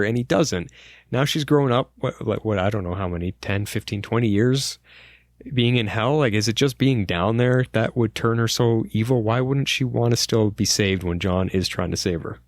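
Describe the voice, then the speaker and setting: A man's voice: medium pitch, normal speed, dry recording, clean studio sound. A man co-hosting a podcast, chatting easily and asking his co-host questions. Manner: relaxed, asks questions, short agreeing replies. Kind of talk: casual chat.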